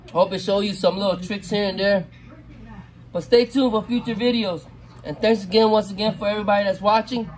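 A middle-aged man casually talking viewers through cooking crawfish outdoors, savoring the food with drawn-out mms. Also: sits high, slight background noise. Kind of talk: casual cooking vlog talk. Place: outdoors at a campsite.

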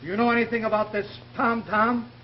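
A brash, wisecracking police inspector barks his orders in a fairly high voice with quick 1930s tough-guy banter. The sound is a dull, hissy old film soundtrack. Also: flat delivery. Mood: brusque. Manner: brusque, fast-talking tough-guy banter.

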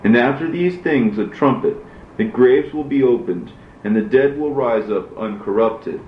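A man voicing God as a stern male divine judge, in a measured, solemn reading. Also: mid-range voice, expressive, a little hiss or hum, natural voice. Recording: roomy, dull lo-fi recording.

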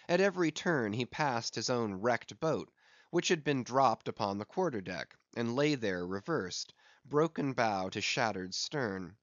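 A man narrating a classic novel as an audiobook in a slow, measured reading. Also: medium pitch, a bit bright, no echo, highs cut off. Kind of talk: scripted narration.

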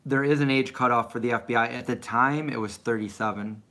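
A man's voice: mid-range voice, steady tone, a little fast, pushed and bright. A middle-aged man rambling casually as he answers viewer questions on a live stream. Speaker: vlogger answering live chat.

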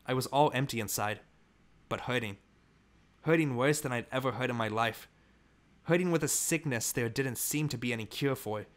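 A man reading a novel aloud as an audiobook, in measured, earnest storytelling. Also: medium pitch. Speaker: audiobook reader. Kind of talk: scripted narration of a novel.

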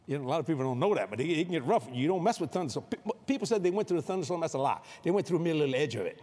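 A man's voice: a little high, animated, very fast, few pauses, warm tone. A middle-aged man preaching a humorous sermon on a convention stage, acting out scenes with sound effects. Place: convention stage before a live audience.

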